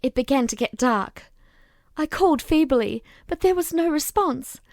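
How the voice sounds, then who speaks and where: Brief: woman audiobook reader, unhurried and animated, slightly high, dry close sound. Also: no room sound. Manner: slow, expressive narration. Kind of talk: reading a novel aloud.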